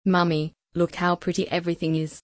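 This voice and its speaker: A woman voicing a sweet, curious three-year-old girl in a storybook, speaking softly and gently. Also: fairly low pitch, flat delivery, fairly quick, dry recording, clean studio sound, lightly acted. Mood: gentle wonder. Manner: soft, gentle and wondering. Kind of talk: storybook character voice.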